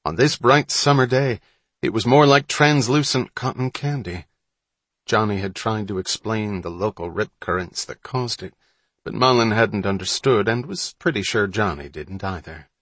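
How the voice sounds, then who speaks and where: Low-voiced man reading a story. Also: normal speed, fairly bright tone, no echo. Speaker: audiobook narrator. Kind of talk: scripted narration.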